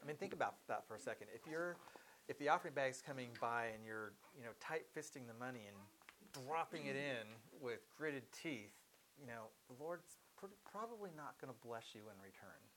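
A man's voice: medium pitch, animated, normal speed, fairly bright tone, a little hiss or hum, poor audio. A man co-teaching a Bible study, running through numbered points and then explaining them with everyday examples.

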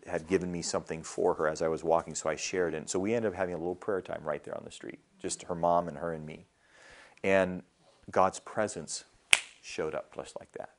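A middle-aged male pastor preaching a sermon in a conversational storytelling way, often repeating words as he starts a thought. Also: low-pitched.

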